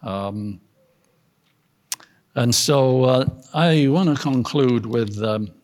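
A man, a pastor, teaching a Bible study class in an earnest way, asking rhetorical questions, his loudness rising and falling. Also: mid-range voice, very slow.

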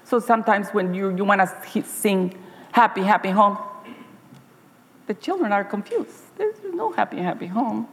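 A middle-aged woman giving a sermon as a church speaker, telling stories in a halting way, repeating words and acting out story voices. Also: medium pitch, expressive, big-room sound.

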